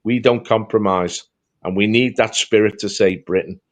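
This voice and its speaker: Man, low voice, political speaker, emphatic, rallying tone. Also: steady tone, normal speed. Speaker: party speaker. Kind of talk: political address.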